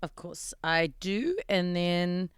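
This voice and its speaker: A woman plays in a tabletop game, quick with a quip and upbeat. Her voice is smooth and crisp. She is recorded close, with a dry sound. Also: on the low side, dry recording. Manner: wisecracking and upbeat.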